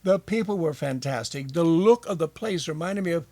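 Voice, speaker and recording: A man's voice: a little high, lively intonation, normal speed, warm tone, dry recording. A man being interviewed as a guest, telling stories from his past with enthusiasm. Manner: enthusiastic storyteller, many fillers.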